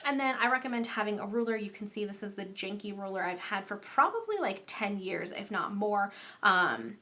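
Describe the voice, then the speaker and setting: A woman's voice: medium pitch, animated, normal speed, pushed and bright. A young woman chatting casually and upbeat through a card-making tutorial, with frequent ums.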